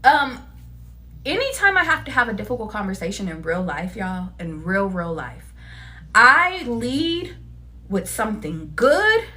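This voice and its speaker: Bright, lively woman doing a tarot reading. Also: medium pitch, unhurried. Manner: animated, laughs often, curses casually. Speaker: tarot reader. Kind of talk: casual tarot reading to viewers.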